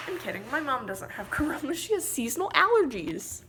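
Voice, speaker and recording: A woman's voice: high voice, sing-song, fairly quick, few pauses. A teenage girl vlogging casually from her home kitchen, joking and self-deprecating, filmed on a phone. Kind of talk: casual cooking vlog. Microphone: phone camera. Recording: echoey room, faint noise.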